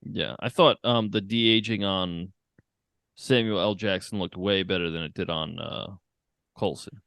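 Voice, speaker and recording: A man with a fairly low voice and a dry, close sound, chatting casually about a film on a podcast. His delivery is relaxed, and he laughs easily. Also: a little slow, vocal fry, smooth, no room sound. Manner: relaxed, laughs often, acts out reactions in quotes. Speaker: podcast co-host. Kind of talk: casual movie chat.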